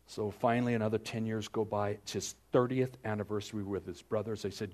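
A man's voice: fast, hardly any pauses. A man preaching a sermon, telling stories and acting out grumbling people in raised voices. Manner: lively storytelling preacher, acts out complainers in higher voices. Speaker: pastor.

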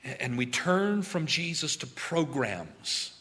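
A man's voice: on the high side, very animated, slow pace, a bit bright. A man preaching a sermon in church, emphatic and drawn out, with repeated phrases. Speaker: pastor.

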